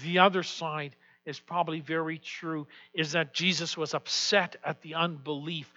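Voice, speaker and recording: A man preaching a sermon as pastor, swinging from hushed, quiet passages to loud, emphatic declarations. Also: on the high side, level tone, normal speed, few pauses. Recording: dull lo-fi sound with long hall reverb.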